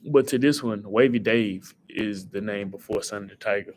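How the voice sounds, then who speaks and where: A young man hosting a casual livestream, thinking aloud through quiz answers and talking back to his chat in an excitable way. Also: lowish voice, moderate pace, slight background noise. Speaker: livestream host.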